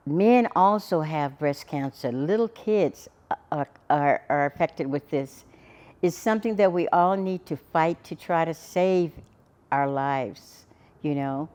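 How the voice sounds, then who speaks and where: A middle-aged woman speaks slowly and earnestly in a podcast interview, often stopping to restart her sentences. Her voice sits fairly low for a woman. She tells her story plainly and deliberately. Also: a little mellow. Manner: earnest, halting, with many restarts. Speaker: guest, cancer survivor.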